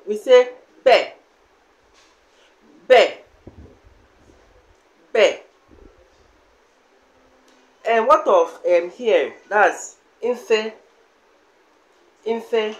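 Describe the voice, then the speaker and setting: A man teaching a language lesson, saying each word slowly and repeating it several times. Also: sits high.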